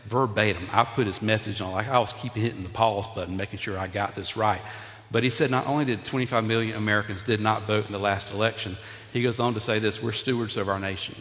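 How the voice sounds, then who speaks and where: A man preaching a sermon, talking directly to his congregation and acting out Bible figures in an animated way. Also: on the low side, fast talker. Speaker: pastor. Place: church sanctuary. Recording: long reverb in a large hall.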